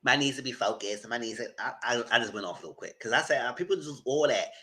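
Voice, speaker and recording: A man giving a live commentary on a reality dating show, retelling scenes and talking back to the people in them in a sassy, animated way. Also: fast talker, hardly any pauses. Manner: jumps to high squeals and laughing bursts.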